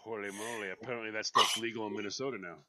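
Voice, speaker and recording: A man hosting a radio show, chatting casually with a co-host, joking and animated. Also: on the low side, a crowd in the background. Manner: animated, joking, quick bursts of excitement; laughs often while talking.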